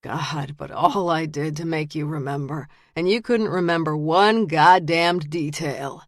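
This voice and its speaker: A woman reading the lines of a calm, menacing male detective who turns out to be a killer, in a quiet, flat voice. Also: sits low, unhurried, no room sound, studio quality. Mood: cold menace.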